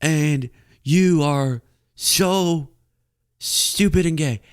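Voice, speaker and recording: A man voicing an angry, sneering male heckler who shouts insults. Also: on the high side, extremely slow, smooth, voice pushed up.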